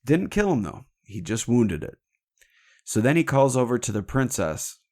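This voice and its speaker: A man's voice: medium pitch, sing-song, moderate pace, dark tone, dry recording, clean studio sound. A man hosting a podcast, retelling a legend in a casual, irreverent and jokey way, swearing freely. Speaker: podcast host. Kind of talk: casual storytelling chat.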